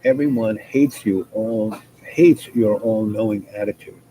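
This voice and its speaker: A man's voice: on the low side, a little slow, warm tone, natural voice, rough recording. A man voicing an ancient, know-it-all talking crow, speaking in a lofty, scolding way over a noticeable hiss.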